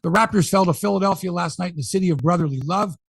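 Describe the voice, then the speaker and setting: A man hosting a sports podcast, running through scores in a chatty, animated way with frequent asides. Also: sits high, quick pace, gravelly, husky, dry recording, studio quality. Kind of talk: casual sports talk and news rundown.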